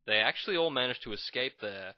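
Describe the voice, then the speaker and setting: A man's voice: mid-range voice, lively intonation, fast, dry recording. A man casually commentating his own strategy game match, rambling and correcting himself as he goes. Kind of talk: let's play commentary. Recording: dull lo-fi recording.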